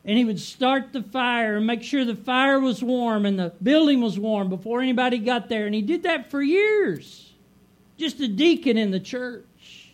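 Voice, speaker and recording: A middle-aged man preaching a sermon as pastor, emphatic and repetitive, slowing down to stress his words. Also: extremely high pitch. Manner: emphatic repetitive preaching, swelling on key phrases.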